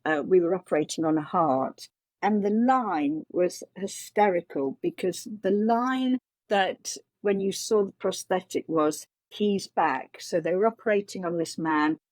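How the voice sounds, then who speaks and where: A woman's voice: on the low side, unhurried, a little mellow, no echo. A middle-aged woman, a makeup designer, answering interview questions with earnest storytelling and frequent restarts.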